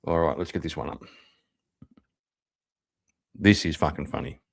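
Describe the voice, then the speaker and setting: Low-voiced man chatting on stream. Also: unhurried, vocal fry. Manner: swears freely, laughs along at clips. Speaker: streamer reacting to videos. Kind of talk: casual live-stream commentary.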